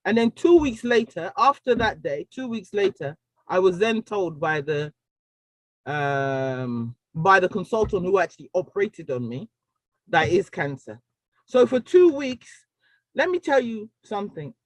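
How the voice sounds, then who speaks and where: A woman giving a personal testimony talk, telling her story with animated storytelling and acting out the dialogue. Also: lowish voice, a little slow, no room sound, poor audio. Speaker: speaker sharing a personal story.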